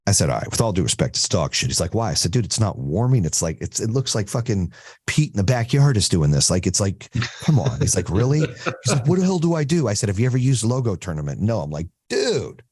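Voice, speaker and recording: A man's voice: low voice, sing-song, fast, darkish tone, slightly rough, no room sound, studio quality. A man hosting a podcast, coaching a small group on business in a blunt, profane, storytelling way.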